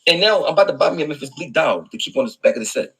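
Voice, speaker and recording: Brief: Philly-man, sharp raspy voice, high and swooping pitch, taunting rant. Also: lively intonation, racing, poor audio. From Philadelphia. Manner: mocking, repetitive, sarcastic. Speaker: rapper in an online feud.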